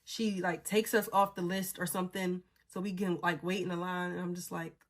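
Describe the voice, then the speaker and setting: A woman's voice: lowish voice, little pitch movement, normal speed. Young woman, blunt profane storytime. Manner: blunt, profane, exasperated retelling. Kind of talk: casual storytime.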